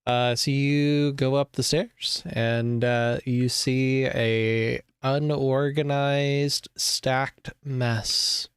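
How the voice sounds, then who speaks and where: A man narrating as game master of a tabletop game, describing scenes in an unhurried way with many fillers. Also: medium pitch, fairly even intonation, clean tone, dry recording, studio quality.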